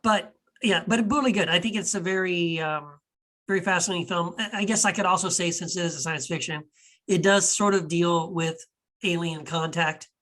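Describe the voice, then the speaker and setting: A man's voice: high-pitched, normal speed, fairly bright tone. Enthusiastic rambling man hosting a podcast. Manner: enthusiastic and rambling, with many restarts; acts out puzzled rhetorical questions. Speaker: podcast host and author. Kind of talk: casual podcast chat.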